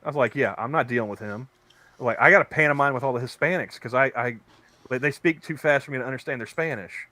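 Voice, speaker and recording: A man's voice: medium pitch, fast talker, bright, forceful tone, dry recording. A man co-hosting a casual podcast chat, rambling through stories with many restarts. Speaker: podcast co-host; convenience store worker.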